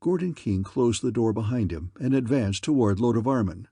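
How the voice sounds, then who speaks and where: A man narrating an adventure novel as an audiobook in a measured, even way. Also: medium pitch, husky, no echo, clean studio sound.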